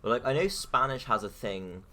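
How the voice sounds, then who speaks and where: A man's voice: medium pitch, expressive, moderate pace, pushed and bright, slight background noise. A man co-hosting a podcast, explaining things in a hesitant, hedging way with many fillers. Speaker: podcast co-host. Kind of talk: casual chat.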